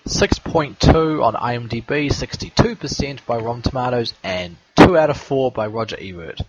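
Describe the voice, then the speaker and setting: Sarcastic man with a lively voice. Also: mid-range voice, moderate pace, creaky, noisy background. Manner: dry, sarcastic comebacks. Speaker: podcast co-host. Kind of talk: casual chat.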